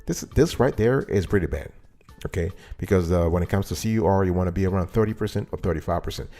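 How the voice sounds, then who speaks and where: Man hosting his own show. Low, warm delivery, talks straight to his audience, repeats points for emphasis. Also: fast talker. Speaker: host. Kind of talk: casual talk-show monologue.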